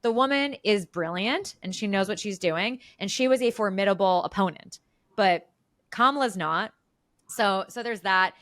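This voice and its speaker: A woman's voice: medium pitch, moderate pace, a bit bright, dry recording. A young woman talks politics with a co-host in an emphatic, opinionated way. She often restarts a sentence to drive her point home. Her voice sits in the middle of the range and sounds dry and close to the mic. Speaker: podcast co-host. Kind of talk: casual political chat.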